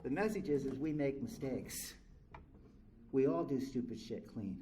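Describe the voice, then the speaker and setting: A man's voice: mid-range voice, lively intonation, a little slow, warm tone, a little hiss or hum, poor audio. Blunt, profane man telling his story. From California. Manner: blunt and profane, frank about himself. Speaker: recovery meeting speaker. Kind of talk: candid storytelling to a live audience. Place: convention meeting room.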